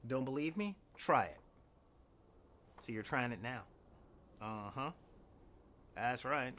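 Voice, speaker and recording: A man's voice: mid-range voice, slow pace, long pauses, fairly bright tone, a little hiss or hum. A man in his forties talking casually as host, with wry, dramatic, sighing asides. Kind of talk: casual rambling monologue.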